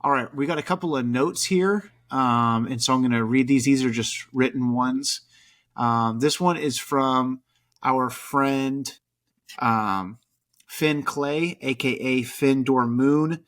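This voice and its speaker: A man hosting a podcast, talking in a relaxed, rambling way with lots of fillers. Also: medium pitch, takes it slowly. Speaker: podcast host. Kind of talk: casual chat.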